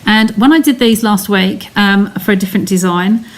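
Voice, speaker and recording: A woman's voice: medium pitch, moderate pace. An English woman giving a live card-making demonstration, chatting casually and narrating each step while answering viewers' comments. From England. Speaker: craft demonstrator.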